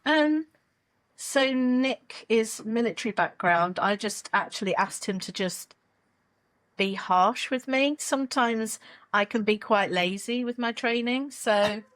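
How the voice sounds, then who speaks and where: Woman guest, animated storyteller, dry studio sound. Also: a little high, slow pace, no room sound. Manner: chatty storyteller, acts out quotes, laughs often. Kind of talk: casual interview chat.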